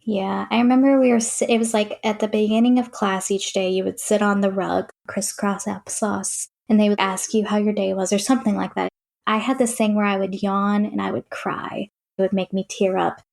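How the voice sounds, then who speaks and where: A young woman speaks in an interview at an ordinary mid pitch. She recounts her past plainly and matter-of-factly. Her speech is loose and full of "like" fillers. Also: little pitch movement, moderate pace, vocal fry, darkish tone. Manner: plain, matter-of-fact retelling with frequent "like" fillers. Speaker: interview guest. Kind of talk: personal testimony in an interview.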